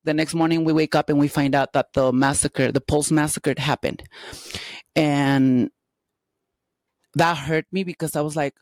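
A woman telling candid personal stories as an interview guest, lively and quick to act out the dialogue. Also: low voice, dry recording. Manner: animated, acts out dialogue in quotes.

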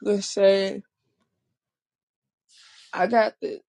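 Gravelly voice w a chicago accent, just rambling casually, keeps restarting. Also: mid-range voice, little pitch movement, very slow, darkish tone. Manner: rambling, repeats and restarts often. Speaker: vlogger. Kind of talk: casual monologue.

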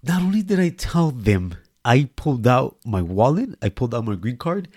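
A man tells a comedy story on a podcast, animated and profane, laughing as he goes. His voice is a little husky, and the recording is dry and close. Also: medium pitch, moderate pace, no echo. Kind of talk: casual storytelling chat.

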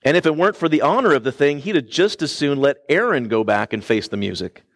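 A male pastor delivering a sermon, his voice sitting a touch higher than most men's. He preaches with earnest emphasis, lifting and dropping his delivery, and now and then asks the congregation to answer back. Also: expressive, fast.

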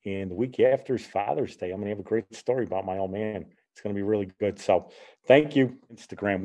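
A man's voice: medium pitch, a little mellow. A man in his sixties hosting a podcast, telling long, rambling anecdotes in casual chat and retelling conversations with "he goes". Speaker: podcast host.

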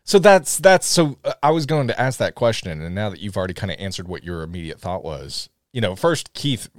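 Lively Tennessee man chatting on a podcast. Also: fairly low pitch, fairly quick, dry recording, clean studio sound. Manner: animated, teasing, laughs often. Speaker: podcast co-host. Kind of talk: casual podcast chat.

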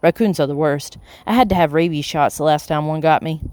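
A reader voicing an anxious, excitable young girl with a raised, worried voice. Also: mid-range voice, fairly quick, no room sound, natural voice.

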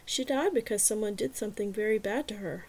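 A woman voicing a gentle foster mother who speaks softly and soothingly. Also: medium pitch, brisk, husky. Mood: tender. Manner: soft, soothing, tender.

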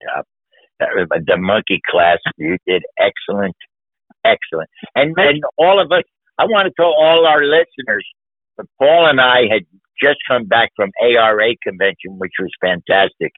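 A podcast host with a lowish voice and lively intonation talks at normal speed during a conversational interview. His delivery is enthusiastic and emphatic as he praises the people he names. It's a dry recording with a phone-like narrow band.

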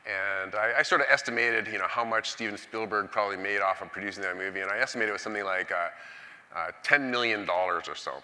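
A Canadian-born man in his sixties gives a public science lecture in a big auditorium. His voice sits low but has a very forceful, bright edge, and his manner is jokey and full of energy. The sound rings with a long hall reverb. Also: quick pace. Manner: jokey, energetic, leads the audience in cheers. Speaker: guest lecturer.

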